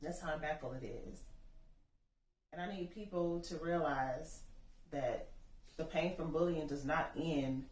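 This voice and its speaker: A woman's voice: low-pitched, darkish tone, echoey room, recorded from a distance, rough recording. A woman speaking as a bereaved mother in an interview, earnest and emphatic, telling her own story and building to urgent appeals. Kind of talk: personal testimony.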